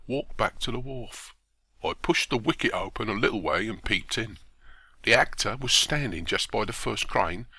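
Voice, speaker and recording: A man reading a bedtime story aloud in an expressive, lively storytelling manner. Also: mid-range voice, no echo. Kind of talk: scripted narration of a bedtime story.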